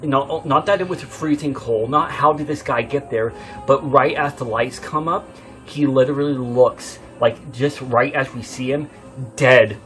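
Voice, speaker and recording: A man's voice: mid-range voice, measured pace, soft background music. Rambling man telling a scary story. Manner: rambling, swears often, many fillers and restarts; tense, swinging from hushed to loud as he retells. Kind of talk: casual spoken horror story.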